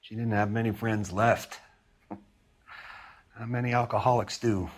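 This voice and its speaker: A slow, defensive suspect husband. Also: male voice, on the low side, level tone. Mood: weary. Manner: halting, defensive. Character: defensive grieving husband under suspicion.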